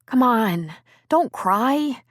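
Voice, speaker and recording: A woman's voice: a little high, animated, very slow, dry recording, studio quality, voice pushed up, full character voice. A woman voicing an anxious young man who talks earnestly and tries to soothe his girlfriend. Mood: soothing. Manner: earnest, soothing, a little shaken. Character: guilty, anxious young man, gentle with her.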